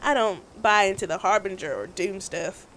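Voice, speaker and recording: A woman's voice: mid-range voice, moderate pace, fairly bright tone, slight background noise, pitched below the performer's own voice, lightly acted. A woman voicing a young woman's text messages in a put-on Mississippi accent. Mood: chatty.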